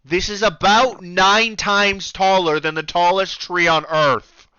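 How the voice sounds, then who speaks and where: A man's voice: high-pitched, fairly even intonation, slow pace, pushed and bright, dull audio. A man narrating a tabletop game as game master, loose and casual. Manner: loose, swearing, drawling "y'all".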